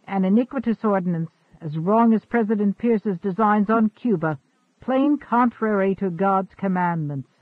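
A man playing a calm, pious Quaker farmer who speaks courteously in old thee-and-thou phrasing. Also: high voice, moderate pace, no echo, narrow, tinny audio, close to an everyday voice.

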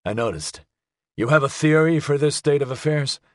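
A man's voice: fairly high pitch, moderate pace, no echo, natural voice. A man voicing a dazed, wounded man who makes dry, wry jokes in an audiobook.

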